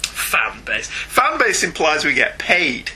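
A man's voice: fairly high pitch, huge pitch swings, slow pace, pushed and bright, husky. A man co-hosting a comics podcast in casual, teasing banter, laughing often. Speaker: podcast co-host.

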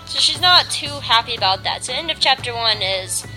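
A young woman hosts a podcast in a casual, bubbly manner, full of filler words. Her voice sits somewhat high. Music plays clearly behind her talk. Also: expressive, normal speed, rough recording. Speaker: podcast host. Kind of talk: casual review chat.

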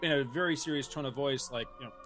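A man's voice: medium pitch, fast talker, music in the background. A man co-hosting a casual podcast, rambling with lots of fillers and restarts and laughing easily. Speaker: podcast co-host.

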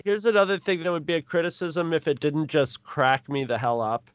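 Man, podcast co-host, smooth clear voice, rambling casual chat, dry dull lo-fi audio. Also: a little high, steady tone, a little fast, dry recording. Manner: rambling, laughs while talking. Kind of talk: casual film review chat.

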